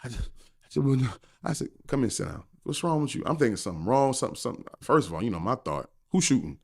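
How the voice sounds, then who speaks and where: A fast-talking middle-aged man with a medium-pitched voice and vocal fry spins an energetic story on a podcast. As a guest and finance professor, he plays out the characters and laughs frequently.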